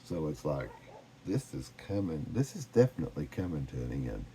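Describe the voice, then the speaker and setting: A man giving a casual, encouraging tarot reading, gently reading card messages aloud. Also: a bass voice, sing-song, normal speed, slight background noise, low-quality recording. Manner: gentle, encouraging, reads cards aloud with laughs. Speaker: tarot reader.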